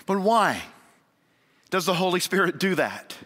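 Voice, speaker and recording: A man preaching a sermon in earnest, moving between raised emphasis and hushed appeals. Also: high voice, big pitch swings, unhurried. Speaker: pastor. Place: church sanctuary. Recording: long church hall reverb.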